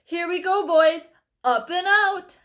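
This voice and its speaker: A woman reading aloud and voicing an excitable, eccentric male candy maker with a bubbly, theatrical manner. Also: extremely high pitch, slow pace, pitched above the performer's own voice, exaggerated voice. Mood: gleeful.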